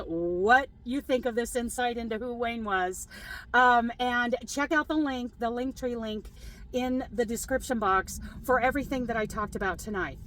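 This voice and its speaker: A woman's voice: fairly high pitch, a bit bright, low-quality recording. A middle-aged woman chatting casually to her viewers as a crochet vlogger, laughing often as she tells stories. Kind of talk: casual chat to camera.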